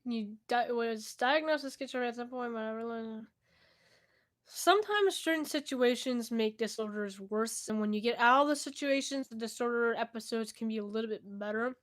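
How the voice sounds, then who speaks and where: A young woman with a fairly high voice speaks at a normal pace, answering viewer questions in a casual home vlog. She's candid and chatty, laughing often and letting sentences trail off as she talks to the camera indoors, with a cat nearby.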